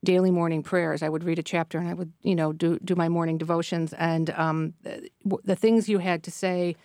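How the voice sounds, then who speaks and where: Female host, chatty and enthusiastic, lowish voice, dry studio sound. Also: level tone, fairly quick, darkish tone, no echo. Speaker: interviewer. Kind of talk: interview.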